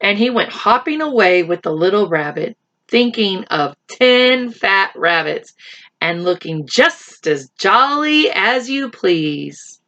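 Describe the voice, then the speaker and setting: A woman teacher reading a picture book aloud to children, expressive and stopping to count along with them. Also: medium pitch, slow pace, dull audio. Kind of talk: read-aloud storytime.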